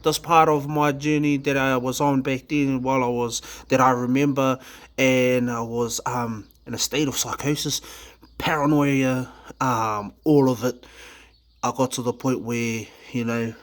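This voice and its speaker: A man from New Zealand with a steady, mid-range voice and a local accent vlogs about his recovery. He's honest and halting, swearing casually and filling his speech with restarts and filler words.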